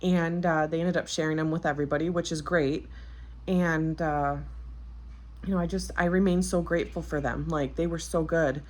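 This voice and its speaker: A woman's voice: deep voice, fairly even intonation, moderate pace. A woman in her thirties telling a personal story as a vlogger, candid and chatty, with many fillers, recently postpartum. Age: 30s. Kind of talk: casual storytelling.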